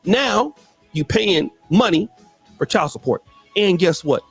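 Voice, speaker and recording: A man's voice: high-pitched, animated, slow, creaky, husky, soft background music. A man giving emphatic commentary, repeating phrases for effect. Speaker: guest commentator. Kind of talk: animated commentary.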